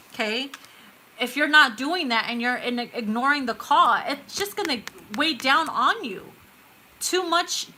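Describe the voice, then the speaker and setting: A woman in her thirties giving a live tarot reading in a casual, excitable way. She swears freely, laughs often and calls her viewers boo and babe. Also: on the high side, a little hiss or hum, rough recording. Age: 30s. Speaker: tarot reader.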